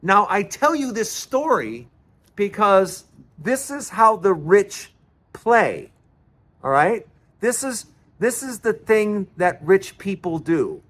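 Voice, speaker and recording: Man, high-pitched voice, chatty storytelling commentary, stumbles over words. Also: big pitch swings, slow, fairly bright tone. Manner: chatty, laughing, repeats words.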